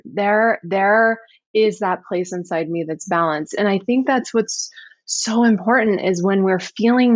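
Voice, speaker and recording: A woman who founded a company, speaking as a podcast guest in a reflective, earnest way with halting restarts. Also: medium pitch, no room sound, lo-fi sound. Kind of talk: casual podcast interview.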